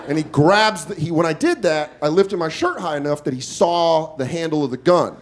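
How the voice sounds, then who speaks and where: High-voiced male comic over a roaring crowd. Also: brisk, hardly any pauses. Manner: animated, acts out other people's lines. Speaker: stand-up comedian. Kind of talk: stand-up storytelling. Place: comedy club stage with a laughing audience. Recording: live club recording with a loud crowd.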